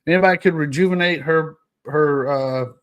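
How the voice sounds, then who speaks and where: Pria podcaster santai yang sering tertawa. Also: male voice, fairly high pitch, fairly quick, clean tone. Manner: laughs often, jokes and riffs with chat while reading notes. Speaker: podcast host. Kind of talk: casual solo podcast reading to a live chat.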